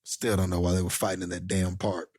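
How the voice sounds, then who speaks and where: A man's voice: low voice, level tone, fast, darkish tone, a little hiss or hum. A man co-hosting a movie podcast in casual chat, laughing and teasing his co-host. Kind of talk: casual late-night chat.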